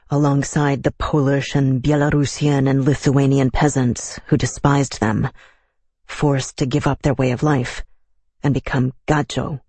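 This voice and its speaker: A man reading a novel aloud as narrator, in a measured, even storytelling manner, close to the mic. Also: mid-range voice, husky, no room sound. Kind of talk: scripted audiobook narration.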